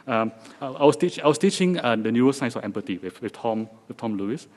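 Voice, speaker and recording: A man's voice: medium pitch, expressive, quick pace, darkish tone. Man, Singaporean accent, joking lecture-hall talk, audience asides, restarts. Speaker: guest speaker.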